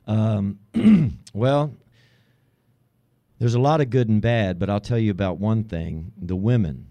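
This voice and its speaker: Mellow-voiced man trading deadpan radio jokes. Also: lowish voice, slow pace, no room sound. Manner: deadpan one-liners, self-mocking jokes. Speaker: radio show co-host. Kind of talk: comedic radio banter.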